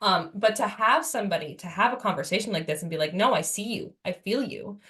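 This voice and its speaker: A woman's voice: mid-range voice, lively intonation, brisk, fairly bright tone. A woman in casual podcast chat, talking emphatically and enthusiastically and swearing casually.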